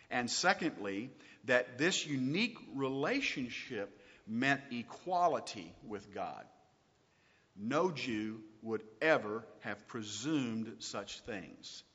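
A man teaching a recorded Bible lesson, asking his listeners questions and reading verses out slowly and with weight. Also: mid-range voice, long reverb tail, highs cut off. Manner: lively, asks rhetorical questions, reads scripture slowly.

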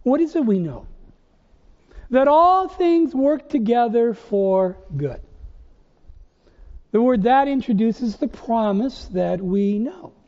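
A man's voice: very high voice, expressive, slow, long pauses. A man preaching a sermon as pastor, firing rhetorical questions with emphatic rises. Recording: dull, lo-fi recording in a reverberant church hall.

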